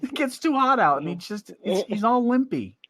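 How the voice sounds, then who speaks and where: Animated man laughing through his stories. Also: extremely high pitch, normal speed, background noise. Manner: laughs often while telling stories. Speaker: podcast co-host. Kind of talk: casual chat, storytelling. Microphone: headset mic with big headphones.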